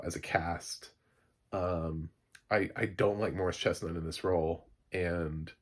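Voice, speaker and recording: A man rants casually about a new TV show, blunt and exasperated, with laughing asides. His voice sits a little low and has a husky edge. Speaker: TV reviewer. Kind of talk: casual spoken TV review.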